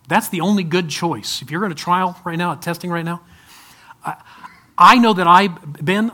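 A man preaching a sermon to a congregation, swinging from loud urging to soft, pleading asides. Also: fairly high pitch. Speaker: pastor.

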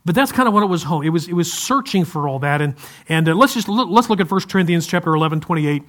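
Higher-voiced male pastor preaching. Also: expressive, fast, a bit bright. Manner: conversational preaching with light humor and frequent restarts. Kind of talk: sermon. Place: church service, also streamed to viewers at home.

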